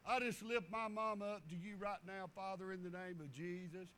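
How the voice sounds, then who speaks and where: A man's voice: sits high, fairly even intonation, brisk, sharp tone. A middle-aged man preaching a sermon in a folksy way, repeating himself and acting out stories.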